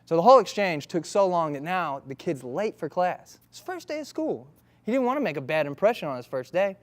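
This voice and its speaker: A man telling a comic story in a casual, brisk, conversational way. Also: sits high, sing-song.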